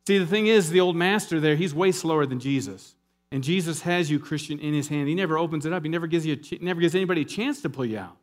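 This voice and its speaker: A man preaching a sermon in a lively, conversational way, with asides and jokes to the congregation. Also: a little high, fast talker, faint music behind. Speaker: pastor.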